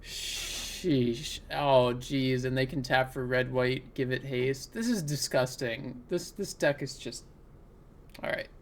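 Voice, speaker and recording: A man's voice: mid-range voice, unhurried, a little hiss or hum. A man commenting on his own card game as he plays, thinking aloud and groaning at bad luck. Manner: talks through plays, exasperated, laughing groans. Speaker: gaming content creator. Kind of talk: live gameplay commentary.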